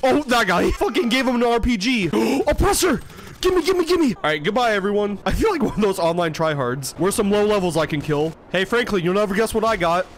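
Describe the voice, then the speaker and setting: A young man with a high voice gives let's-play commentary. His pitch jumps around wildly, and he swears and laughs easily. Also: fast talker, few pauses. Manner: excitable, swears often, laughs a lot. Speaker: gaming YouTuber.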